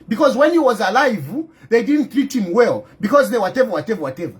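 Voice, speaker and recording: Fiery high-voiced Zambian man. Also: expressive, quick pace, husky. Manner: heated, scolding, repeats phrases for emphasis. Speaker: political commentator in exile. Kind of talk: impassioned monologue to camera.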